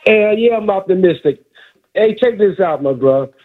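A caller pushes back hard, tripping over his own words as he argues. His voice is high and comes through a thin, phone-like line. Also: lively intonation, normal speed. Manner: combative, stammering. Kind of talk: argumentative sports radio call-in.

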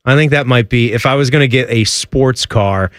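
A man's voice: mid-range voice, moderate pace, dry recording, clean studio sound. A man co-hosting a casual talk show, conversational and filler-heavy. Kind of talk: casual chat.

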